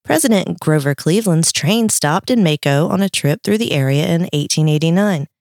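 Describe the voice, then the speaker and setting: Lower-voiced woman telling a legend. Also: animated, moderate pace, darkish tone, no room sound, clean studio sound. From North Carolina. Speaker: podcast host, storyteller. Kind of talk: casual chat, telling a legend.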